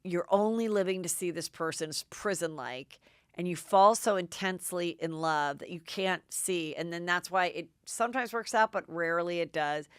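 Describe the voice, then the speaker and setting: Chatty middle-aged woman host, smooth voice. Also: on the low side, normal speed, no echo, clean studio sound. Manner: chatty, excitable recapping with many "like"s. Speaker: podcast host. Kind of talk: casual gossip commentary.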